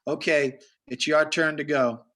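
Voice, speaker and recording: A man's voice: fairly high pitch, steady tone, measured pace, fairly bright tone. A man hosting a casual video call, telling rambling stories to kids with lots of restarts. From Massachusetts. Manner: rambling storyteller, restarts often. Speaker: host.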